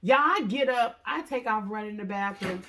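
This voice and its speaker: A woman's voice: a little fast, slight background noise. A woman casually telling a story to viewers, often calling them "y'all" and acting out what people said with big jumps in her voice. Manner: animated, acts out quotes with big pitch jumps; talks straight to viewers, says "y'all" often.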